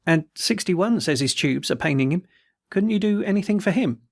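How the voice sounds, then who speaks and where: A man's voice: high voice, expressive, moderate pace, vocal fry, no echo, studio quality, voice pushed up, full character voice. A man voicing a persistent, confiding middle-aged prison head warder with informal, chatty speech. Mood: reporting.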